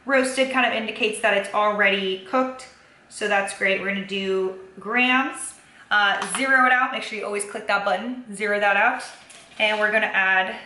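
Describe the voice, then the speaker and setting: A young fitness vlogger's medium-pitched voice comes across pushed and bright as she casually cooks and tracks her food in her home kitchen. She's chatty, saying "um" and "kinda" a lot, with faint ambience in the echoey kitchen and slight background noise.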